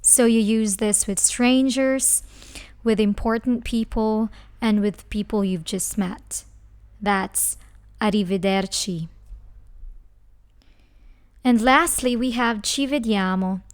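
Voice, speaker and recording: Slow, careful woman teaching a lesson. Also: on the high side, fairly even intonation, clear, resonant tone. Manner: slow, careful, spells out syllables. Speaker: language teacher.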